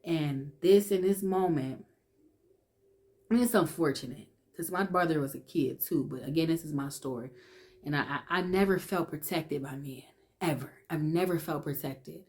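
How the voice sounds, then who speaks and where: A woman telling her personal testimony in an emotional, conversational way, restarting often and dropping to a hush when she relives fear. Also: low voice, moderate pace. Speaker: vlogger sharing her testimony.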